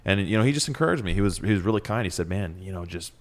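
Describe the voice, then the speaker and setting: A very low-pitched man from Ohio who co-hosts a casual podcast. He chats easily and breaks into enthusiastic asides while he reads listener mail aloud. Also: expressive, rapid-fire. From Ohio, USA. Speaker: podcast co-host.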